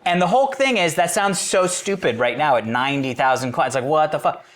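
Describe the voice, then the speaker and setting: A man's voice: fairly high pitch, animated, fairly quick, a bit bright. A man co-hosting a podcast in casual chat, telling stories animatedly and acting out quotes, swearing freely. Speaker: podcast co-host.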